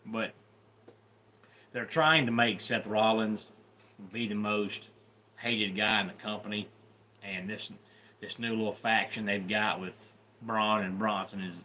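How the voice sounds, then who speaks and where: Bright-toned Southern man chatting. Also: on the low side, slight background noise. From Deep South of the US. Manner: opinionated, chatty, greets viewers by name. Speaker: YouTube host. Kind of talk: casual livestream commentary.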